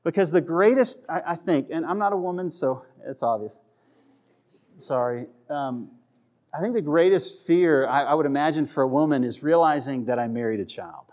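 Conversational male preacher, fairly high voice. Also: normal speed, darkish tone. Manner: conversational, checks in with the audience, acts out voices for humor. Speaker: pastor. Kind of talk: sermon.

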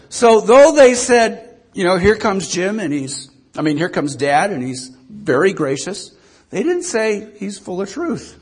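An older male pastor with a husky, breathy voice that sits unusually high for a man. He preaches in a folksy, self-mocking way, tossing asides and questions to the congregation. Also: big pitch swings, measured pace. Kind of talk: sermon.

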